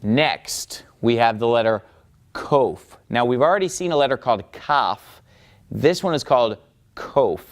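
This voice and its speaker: A man's voice: mid-range voice, expressive, unhurried. A man teaching a Biblical Hebrew lesson step by step at a board, patiently checking in with his students. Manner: patient, checks in with "okay?" and "all right?".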